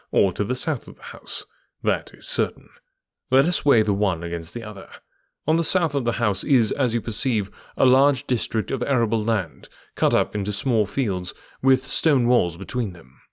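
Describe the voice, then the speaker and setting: A man voicing a calm male detective who explains his reasoning step by step. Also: lowish voice, dry recording, clean studio sound, close to an everyday voice. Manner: measured, methodical explaining.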